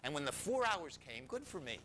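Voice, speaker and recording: An older man tells a personal story to a live audience. His voice is bright, and his pitch swings widely as he talks. He is self-mocking and sometimes drops to a whisper, with a faint rumble behind him. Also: big pitch swings, brisk.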